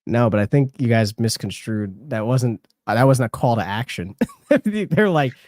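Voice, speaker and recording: A man's voice: medium pitch, animated, normal speed, a little mellow, no room sound, studio quality. A young man co-hosting a live stream, chatting casually, rambling, laughing a lot and swearing offhand. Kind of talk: casual chat.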